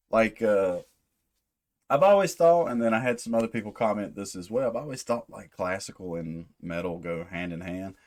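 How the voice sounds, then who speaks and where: A man with a low, slightly mellow voice hosts a music reaction channel. He talks casually in the video, thinking out loud and rambling with frequent restarts.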